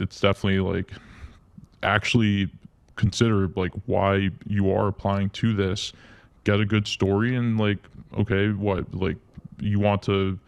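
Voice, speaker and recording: Smooth low-voiced hesitant podcast host. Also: male voice. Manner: hesitant, many fillers. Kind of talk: casual chat.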